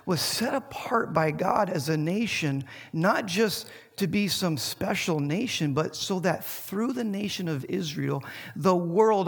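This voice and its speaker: A man preaching a sermon, telling stories in an animated way and peppering his speech with "like". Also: high-pitched, gravelly, breathy edge, long reverb tail. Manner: animated storyteller, many filler likes. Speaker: pastor.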